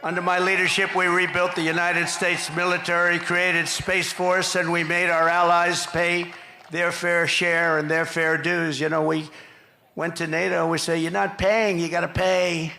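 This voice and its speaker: A man delivers a rambling campaign rally speech, circling back to the same points and throwing in mocking asides. His voice is bright and carries with a slightly raised pitch. The sound rings out through an echoey rally PA, with faint ambience underneath. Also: completely flat delivery, normal speed, a little hiss or hum. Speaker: political speaker at a campaign rally. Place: outdoor rally.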